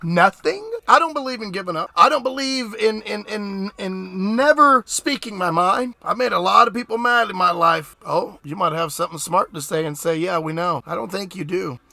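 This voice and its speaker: Man, solo show host, preachy and emphatic, repeats words, very bright voice, dry close sound. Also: sits high, moderate pace, creaky, hardly any pauses, no room sound. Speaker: podcast host. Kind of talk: solo motivational monologue.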